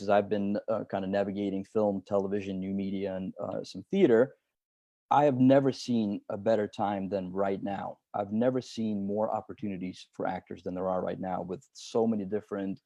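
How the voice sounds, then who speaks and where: A man's voice: on the low side, warm tone, dry recording. A man, an acting teacher and department chair, speaking earnestly over a video call and explaining his craft with some fillers. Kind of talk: webinar presentation.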